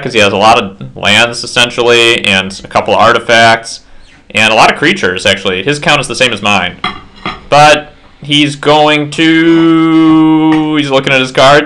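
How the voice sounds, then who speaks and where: A man's voice: medium pitch, sharp tone. A slightly tipsy man casually commentating his own card game match at home, rambling with self-deprecating asides.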